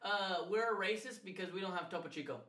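A young man co-hosting a podcast, telling stories in a casual, animated, profane way and laughing often. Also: high voice, fast talker. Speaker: podcast co-host. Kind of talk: casual storytelling chat. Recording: echoey room.

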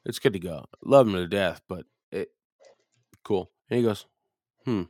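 Man, low voice, dry sound, crude casual storytelling, animated. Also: moderate pace, no room sound. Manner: animated, acts out friends' lines, profane. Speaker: podcast co-host telling a story.

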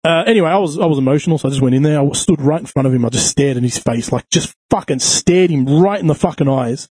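A man telling a crude, animated story in casual chat, swearing freely. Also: a little high, fast talker, slightly rough, no echo. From Australia.

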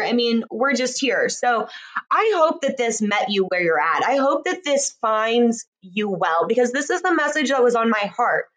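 Female life coach, warm-hearted morning pep talk, conversational and sincere, voice a touch high. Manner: earnest, heartfelt, chatty with laughs. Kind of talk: morning motivational talk to camera.

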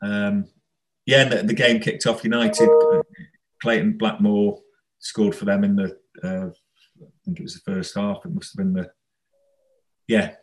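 Low-pitched male ex-player, rambling anecdotal guest, laughs mid-story. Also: flat delivery, a little slow, long pauses, low-quality recording. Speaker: former footballer guest. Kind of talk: casual storytelling interview.

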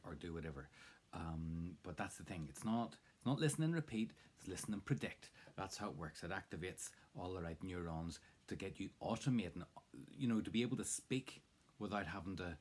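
A man with a deep, husky voice gives a casual, chatty spoken language lesson as a teacher, coaching the listener along. He's recorded on a close mic to the camera.

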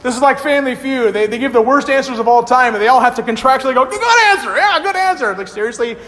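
High-voiced preacher in a reverberant hall. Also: male voice, racing. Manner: lively, quizzes the congregation and acts out quoted lines. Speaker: pastor. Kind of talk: sermon. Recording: long hall reverb, faint hiss.

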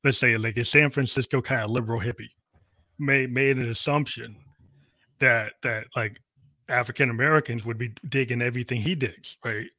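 A man's voice: mid-range voice, fairly even intonation, normal speed, bright, forceful tone, dry recording. A man from the Boston area in casual conversation, easygoing and thinking aloud with lots of "like". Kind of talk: casual chat.

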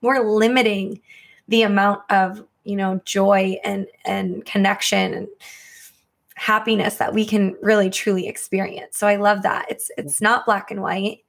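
A woman's voice: medium pitch, flat delivery, a little slow, gravelly. A woman hosting a casual podcast chat, talking reflectively and rambling a bit, often checking in with "right?" along the way.

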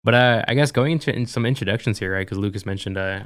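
A man's voice: on the low side, fairly even intonation, fast, hardly any pauses. A young man in a college dorm room, co-hosting a podcast in a laid-back, slangy way. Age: young adult. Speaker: podcast co-host. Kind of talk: casual chat.

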